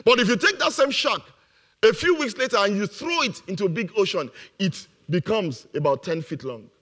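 A man's voice: sits high, animated, normal speed, a bit bright. A man preaching a motivational sermon, emphatic and repeating his key phrases, laughing now and then at his own jokes.

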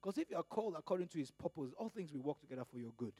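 Man, preacher, from Nigeria, high-pitched, mellow tone, fervent sermon, loud-soft swings, dry close sound. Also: big pitch swings, racing, breathy edge, no echo.

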